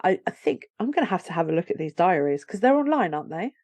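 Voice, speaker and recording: A woman hosting a book interview, enthusiastic and sometimes pausing to search for the right word. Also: fairly low pitch, big pitch swings, a little mellow, no echo. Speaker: podcast host. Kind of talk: casual interview chat.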